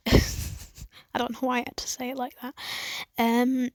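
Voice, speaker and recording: A woman casually retelling a fan story in a husky voice, rambling with many fillers and mostly whispering. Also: a little high, flat delivery, moderate pace, long pauses, no room sound.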